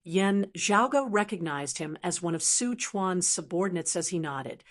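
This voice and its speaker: A woman narrating a fantasy audiobook in a steady, even reading voice. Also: on the low side, unhurried. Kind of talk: scripted narration.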